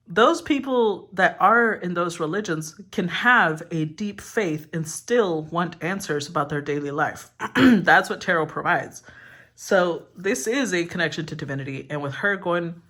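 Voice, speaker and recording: A woman's voice: fairly low pitch, normal speed, fairly bright tone. A woman giving a casual collective tarot reading, talking in a rambling, candid way and swearing freely. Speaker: tarot reader.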